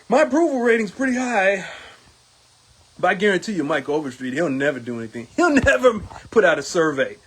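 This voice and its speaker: A man's voice: high voice, very animated, brisk, fairly bright tone, slight background noise. A middle-aged man, a union steward, speaking in a casual monologue and acting out quoted exchanges in a raised voice.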